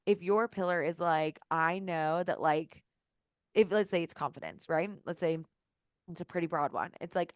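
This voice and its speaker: A woman's voice: lowish voice, expressive, moderate pace, no room sound, studio quality. A young woman coaching a group on a video call, talking casually with lots of fillers and acting out sample messages. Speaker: business coach. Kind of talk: live online coaching call.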